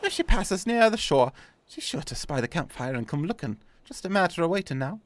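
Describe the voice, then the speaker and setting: A man voicing a superstitious old male sailor in a put-on, half-Cockney, half-Scottish accent, talking in rough, folksy dialect. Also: a little high, sing-song, fairly quick, slight background noise, pitched above the performer's own voice. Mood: plotting. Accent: mock Cockney-Scottish put-on. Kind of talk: reading game dialogue aloud. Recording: faint game music behind.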